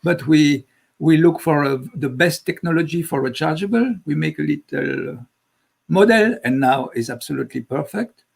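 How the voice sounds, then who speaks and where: This is a French-accented man speaking English as a second language in a casual live chat. His voice is gravelly and husky. He speaks haltingly, pausing to search for words. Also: on the high side. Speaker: guest magic inventor.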